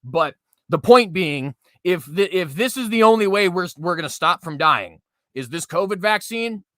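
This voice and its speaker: A man's voice: a little high, sharp tone, no room sound, clean studio sound. A man in his twenties hosting political commentary, reading news aloud with heavy sarcasm and sudden mocking outbursts. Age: 20s. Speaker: commentary host.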